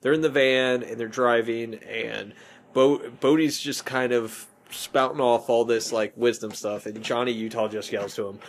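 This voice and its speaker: A male podcast host talking about films in a casual, rambling way, restarting and correcting himself as he goes. His voice sits at a middling pitch, with faint noise behind him. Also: fairly even intonation, normal speed. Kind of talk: casual movie podcast chat.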